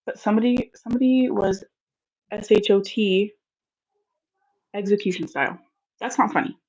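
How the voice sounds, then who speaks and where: A woman's voice: mid-range voice, moderate pace, a little mellow. Woman, 30s, casual live-stream co-host, chatty storyteller, lo-fi audio. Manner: chatty storyteller, laughs easily. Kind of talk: casual chat.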